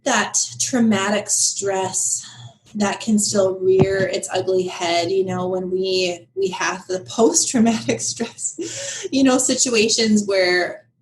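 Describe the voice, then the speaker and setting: Woman, interview guest, mid-pitched voice, candid, animated, laughs a lot, faint background noise. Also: poor audio. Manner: candid, animated, laughs often, quick asides. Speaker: guest, business founder. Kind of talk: casual interview conversation.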